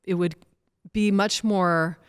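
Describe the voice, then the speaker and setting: A woman's voice: lowish voice, steady tone, takes it slowly, clear, resonant tone. A woman co-hosting a church podcast, reflecting on scripture in an engaged, affirming way. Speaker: podcast co-host. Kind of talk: conversational scripture discussion.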